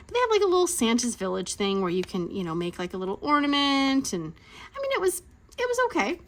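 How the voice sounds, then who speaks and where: A woman in her thirties hosting a crafting channel, telling a rambling story in a chatty rant and acting out quotes in sudden high voices. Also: fast. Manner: rambling and animated, acting out quotes with big pitch jumps.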